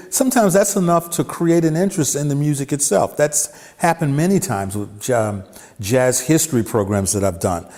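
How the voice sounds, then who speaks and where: Jazz drummer telling stories in a reverberant hall. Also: male voice, mid-range voice. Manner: humorous, animated anecdotes. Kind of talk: storytelling talk to an audience. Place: venue with audience. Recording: long hall reverb, faint music.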